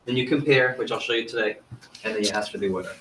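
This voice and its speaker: A man's voice: fairly low pitch, fast talker, a bit bright, a little hiss or hum. A man leading an interactive sales training seminar, quizzing the audience in an upbeat, chatty way.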